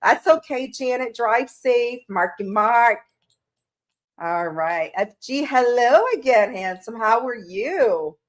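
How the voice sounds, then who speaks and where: A woman's voice: a little high, animated, takes it slowly. A woman hosting a tarot livestream from her room at home, tearful and emotional as she chats casually and greets viewers by name.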